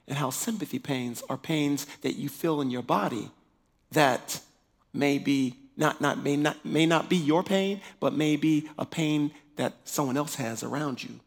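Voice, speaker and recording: Man with a somewhat high voice telling a testimony. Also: unhurried, creaky. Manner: animated, acts out voices in his story. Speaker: preacher sharing a testimony. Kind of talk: testimony storytelling.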